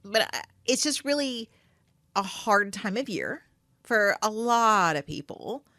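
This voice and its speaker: A woman talks on a podcast about coping and feelings, her pitch moving up and down a lot as she makes her points. The mic sits close and the room sounds dry, with no echo at all. She keeps it casual and heartfelt, with many filler phrases. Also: unhurried. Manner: animated and earnest, many "you know"s and "like"s. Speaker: podcast co-host. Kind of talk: casual mental health chat.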